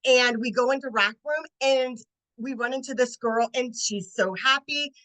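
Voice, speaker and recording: A woman in her late forties, a network marketing consultant, telling an animated sales story on a team training video call. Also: high voice, moderate pace, rough recording. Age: 40s. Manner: animated, acts out voices in her stories.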